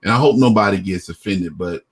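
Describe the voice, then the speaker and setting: A man's voice: deep voice, a little fast, slightly rough. A middle-aged man chatting casually as a guest, hesitant and full of fillers. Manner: hesitant, many fillers and restarts. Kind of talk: casual chat.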